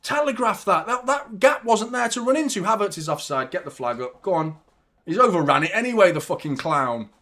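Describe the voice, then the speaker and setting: A man with a high, slightly fast voice hosts a live fan watchalong. He commentates on the match in an excitable, partisan way, swearing and shouting at the big moments.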